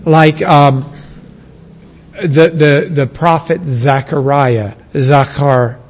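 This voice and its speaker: Lecturing a class on biblical languages, a man from the United States stresses his points by emphatically repeating key words. His voice sits on the high side, with fairly even intonation, a slow pace, and a long reverb tail.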